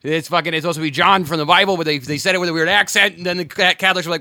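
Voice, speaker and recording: A man's voice: on the high side, fairly even intonation, very fast, pushed and bright, dry recording. A man, a stand-up comedian, chatting casually on a podcast, rambling and profane.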